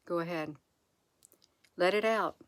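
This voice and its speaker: A woman speaking softly and reassuringly to her viewers, repeating phrases slowly in an encouraging spiritual monologue. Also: lowish voice, no echo. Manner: soft, repetitive, reassuring, with slow drawn-out phrases. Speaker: channel host.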